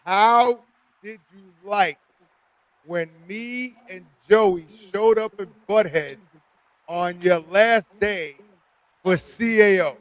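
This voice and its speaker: High-voiced man asking quick questions. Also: dry recording, rough recording. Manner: quick questioning, leading the guest. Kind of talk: casual podcast chat.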